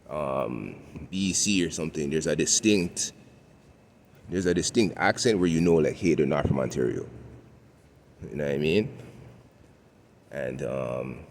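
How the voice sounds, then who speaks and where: A man's voice: a bass voice, a little mellow, a little hiss or hum. A man with a Toronto accent, talking in a laid-back, chuckling way as he vlogs on a city walk, often tagging his sentences with "right?". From Canada. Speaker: vlogger. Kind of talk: casual walking vlog monologue. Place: outdoors, walking in the city.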